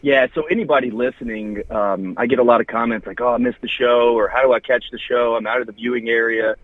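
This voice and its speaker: A man's voice: medium pitch, steady tone, fast talker, no room sound. A man with a Southern US accent, a wrestling TV host, chatting casually and plugging his show with lots of names and details. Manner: promotional, rattles off names and details. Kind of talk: casual podcast chat. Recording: dry, husky, phone-like line.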